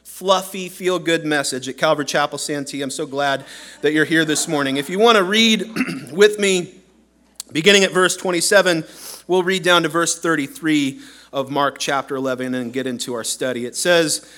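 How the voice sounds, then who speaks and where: A man's voice: on the high side, moderate pace, sharp tone. A man preaching a sermon as pastor in a church, earnest and emphatic, acting out the voices he quotes.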